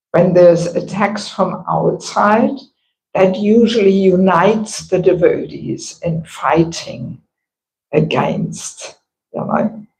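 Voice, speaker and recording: Older woman, croaky gravelly voice, slow unhurried delivery, devotional lecture, echoey temple room. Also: on the low side, darkish tone, a little hiss or hum. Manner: slow, measured, earnest. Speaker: temple speaker. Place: temple hall.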